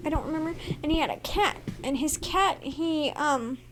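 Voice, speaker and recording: A young woman co-hosting a casual podcast rambles through playful stories, swearing now and then. Her voice sits high and a bit bright, moving at a normal pace, with a little hiss or hum in the recording.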